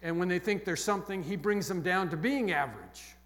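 A man's voice: sits high, a little fast. Man preaching in an echoing hall. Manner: emphatic, repeats phrases, drops to soft near the end. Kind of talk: sermon. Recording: long echo of a large hall.

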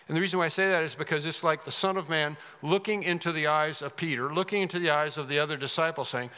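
Bright-voiced preacher in a reverberant hall. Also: male voice, on the high side, fairly even intonation, fast, few pauses, clear, resonant tone. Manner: emphatic, repeats phrases for effect. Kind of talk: sermon.

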